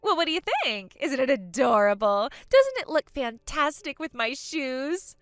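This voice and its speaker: A woman's voice: high-pitched, sing-song, unhurried, fairly bright tone, no room sound, studio quality, full character voice. A woman voicing a spoiled, vain younger sister who taunts and giggles in acted story dialogue. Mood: gloating.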